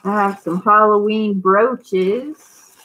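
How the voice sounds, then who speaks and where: A woman's voice: medium pitch, slow pace, bright, forceful tone, rough recording. A woman hosting a casual live-stream sale, chatty and rambling, greeting viewers by name. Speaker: host of a live online sale.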